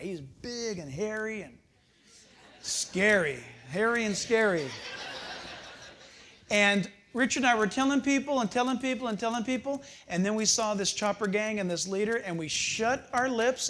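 An older man preaching a sermon, telling stories with animated, chuckling asides. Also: high voice, fairly quick, hardly any pauses, a little hiss or hum. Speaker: pastor.

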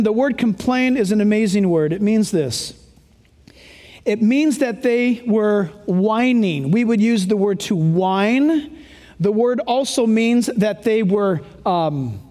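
A man's voice: very high voice, darkish tone, big-room sound. A male pastor preaching a sermon, emphatic and conversational, full of rhetorical questions.

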